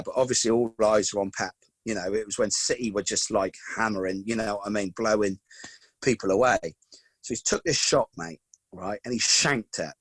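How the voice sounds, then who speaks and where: A man, a podcast guest telling stories in a lively, casual way and calling the host "mate". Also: fairly low pitch, breathy edge, no echo. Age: 40s. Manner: lively anecdotal, peppers talk with "mate" and "do you know what I mean". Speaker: podcast guest, football coach. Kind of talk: casual storytelling chat.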